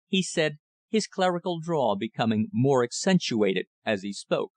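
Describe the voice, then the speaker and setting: Man, audiobook narrator, first-person reading, measured and expressive, mid pitch, dry close sound. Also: dry recording.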